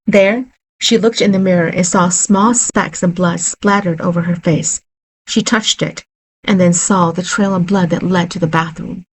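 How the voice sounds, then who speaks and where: A woman narrating a horror story in a steady, unhurried reading voice. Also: on the low side, slight background noise, poor audio.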